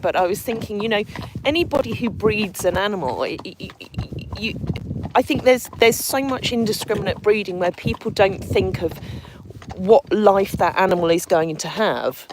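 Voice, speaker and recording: Female co-host, mid-pitched, chatty and rambling, noisy stable recording. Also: expressive, moderate pace. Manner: rambling, repeats words, many fillers. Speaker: live stream co-host. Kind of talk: casual live-stream chat.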